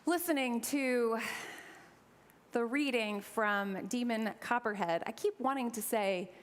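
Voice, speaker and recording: Woman minister, sermon, conversational with playful asides, fairly high voice. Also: slow pace. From Eastern Kentucky, US. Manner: conversational, with humorous asides to the congregation.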